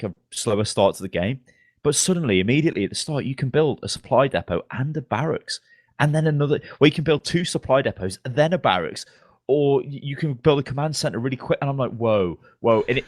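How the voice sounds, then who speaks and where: A man's voice: mid-range voice, fast talker, no echo, clean studio sound. A young man co-hosting a gaming podcast, telling stories with lots of laughing and swearing. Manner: laughing, swearing, animated storytelling. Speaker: podcast co-host. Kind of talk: casual gaming chat.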